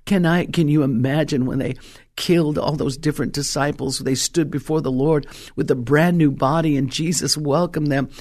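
A woman pastor preaching a fervent, exhorting sermon, her voice leaping up in pitch for emphasis. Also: fairly even intonation, moderate pace, a little mellow.

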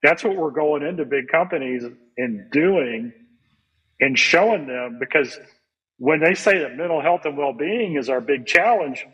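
A man's voice: fairly high pitch, lively intonation, unhurried, pushed and bright, slightly rough, low-quality recording. A man talking as an interview guest, earnest and storytelling, repeating his key points for emphasis. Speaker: guest, company CEO and author. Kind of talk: interview conversation.

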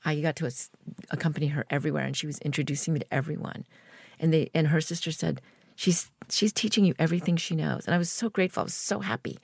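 A middle-aged woman with a low, gravelly voice tells a long story in an interview. She acts out the people in it as she goes. The recording is dry and close. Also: quick pace, no room sound. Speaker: guest.

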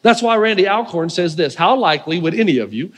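Brief: male pastor with a very high voice, lively storytelling sermon, ringing hall reverb. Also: fast talker. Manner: animated, acts out quoted voices, laughs often.

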